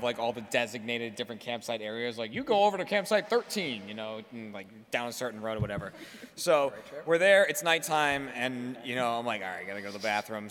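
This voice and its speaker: A man co-hosting a podcast, telling a story in animated, laughing casual chat. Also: medium pitch, big-room sound. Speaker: podcast co-host.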